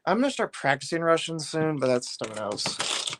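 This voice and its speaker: A man with a voice a touch higher than most, talking in an easy, loose live-stream chat. He rambles and lets his sentences drift off before picking them back up. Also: very animated, a little fast, a bit bright. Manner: rambling, loose and talkative, often trailing off. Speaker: live streamer building a brick set.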